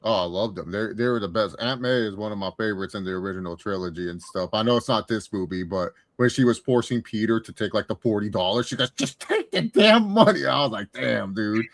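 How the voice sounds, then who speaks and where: A young man co-hosting a casual film review chat, excitable and emotional, rambling through stories. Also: on the low side, fast talker, hardly any pauses, no room sound.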